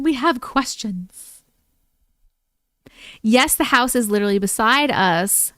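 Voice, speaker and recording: A woman's voice: on the high side, animated, slow, fairly bright tone, no echo. A woman hosting a livestream, chatting with viewers and reading their stories aloud, breaking in with startled reactions. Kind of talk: casual live chat and reading stories aloud.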